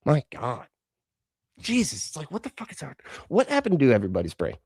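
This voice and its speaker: Gravelly, profane live stream host, man. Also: medium pitch, wildly swooping pitch, brisk, a little mellow, no room sound. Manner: profane, indignant, rambling. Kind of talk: casual live stream reaction chat.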